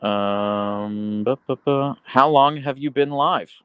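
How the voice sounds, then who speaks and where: A man live streams from his Seattle home at a slow pace, reading viewer comments aloud in chatty, meandering talk and using high-pitched baby talk with his dogs. His tone is clean with no room sound, though the audio is narrow and tinny.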